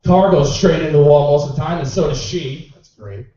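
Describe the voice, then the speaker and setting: A man's voice: a little fast, dark tone, heavy reverb. A man performing a stand-up routine in a small club, telling stories in a sarcastic, exasperated way. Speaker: amateur stand-up comedian. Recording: boomy, distant, muffled club recording.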